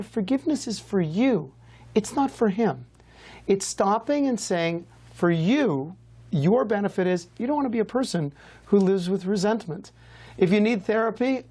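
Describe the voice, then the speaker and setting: Brief: a male rabbi host, animated and chatty, teaching to camera with quick shifts of pace. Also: high voice. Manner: lively, conversational, varies pace a lot. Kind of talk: TV religious teaching, answering questions.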